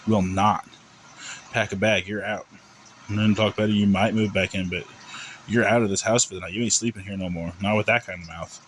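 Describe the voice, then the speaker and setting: A man doing a stern, gruff angry father. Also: lowish voice, fairly even intonation, brisk, slight background noise, natural voice. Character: stern angry father, middle-aged, strict.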